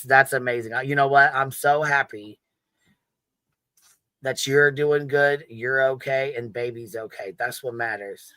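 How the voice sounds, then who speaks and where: Brash man ranting on his stream, swears a ton, cackles, bright punchy voice, dead dry mic. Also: mid-range voice, clear, resonant tone, dry recording. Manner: profane, laughing, trash-talking. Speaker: livestream host. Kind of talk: brash commentary livestream.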